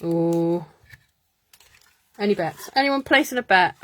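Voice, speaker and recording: A woman's voice: lowish voice, lively intonation, slow, pauses often, a bit bright, slight background noise. A woman hosting a live card-making stream, chatting, muttering to herself and laughing as she works. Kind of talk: casual live crafting chat.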